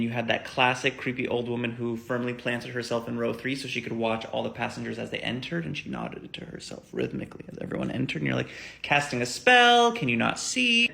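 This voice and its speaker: Animated storytelling man with gravelly edge. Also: medium pitch. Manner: animated, acts out characters with quick voice switches. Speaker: comedic storyteller. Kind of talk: comic storytelling monologue. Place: New York City.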